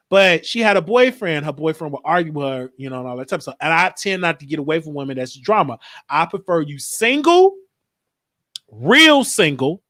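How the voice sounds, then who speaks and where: A man hosting a talk show, telling stories in a casual, slangy, animated monologue. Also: a little high, dry recording. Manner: animated, slangy, acts out quotes.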